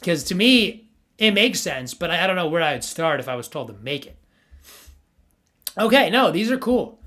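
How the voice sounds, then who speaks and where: Young male streamer, slightly high voice, rambling and playful, stammers a lot. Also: big pitch swings, normal speed, sharp tone. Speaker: livestream host reviewing NFT art. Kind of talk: casual livestream chat.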